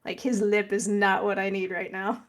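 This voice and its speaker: A woman's voice: medium pitch, little pitch movement, moderate pace. A woman playing a tabletop game, speaking bluntly for her character. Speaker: player.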